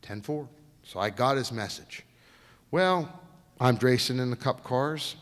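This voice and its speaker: A folksy male guest speaker tells stories in a lively, swooping voice. He acts out each quote, and his voice rings through a long echoey lecture hall. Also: medium pitch, unhurried. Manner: folksy, animated storyteller acting out quotes. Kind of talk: storytelling lecture.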